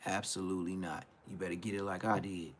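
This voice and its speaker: On his own live stream, a man rants in a casual, crude, rambling way, dropping threads and picking them back up while alternating low mutters with loud outbursts. He talks fast with fairly even intonation, and there's slight background noise.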